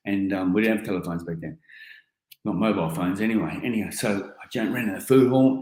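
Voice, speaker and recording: An Australian man in his forties giving a keynote talk, telling an animated story full of casual slang. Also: low voice. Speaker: keynote speaker. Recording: roomy echoing hall.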